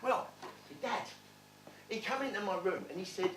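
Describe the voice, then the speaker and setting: A man's voice: high-pitched, lively intonation, normal speed, a bit bright, a little hiss or hum. An actor as a wry man telling his story. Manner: wry, blunt, swearing storyteller. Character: streetwise London man recalling his rough childhood. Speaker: stage actor in a one-man play. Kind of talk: theatrical monologue storytelling. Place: theatre stage. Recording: roomy theatre, distant mic.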